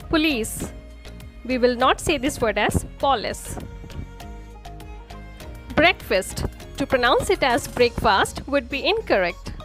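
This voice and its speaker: A woman with a high, lively voice narrating a scripted pronunciation lesson. She explains each word slowly and deliberately, with faint music playing under the voice-over. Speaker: English pronunciation teacher.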